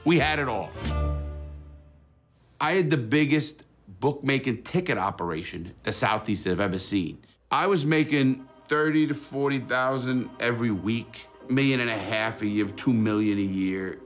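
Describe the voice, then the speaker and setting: A man tells his own story in a documentary interview, blunt and full of curses. His pitch swings widely while he speaks at a middling height. Faint music plays quietly behind him. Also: animated, normal speed. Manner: blunt and profane, acts out dialogue. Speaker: former illegal bookmaker telling his story.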